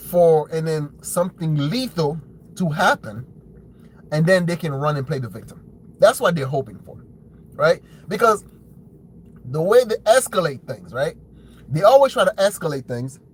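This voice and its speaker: A man's voice: a little hiss or hum, poor audio. A man hosting a commentary show, ranting bluntly with profanity and a habit of asking "right?". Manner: blunt, profane, mocks opponents in shrill put-on voices. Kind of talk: opinionated commentary rant.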